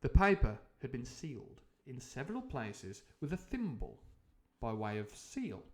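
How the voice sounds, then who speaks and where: A man's voice: mid-range voice, huge pitch swings, measured pace. A man reading a novel aloud on a live stream, who often breaks off into rambling, jokey tangents full of ums and uhs. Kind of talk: live book reading with comic asides.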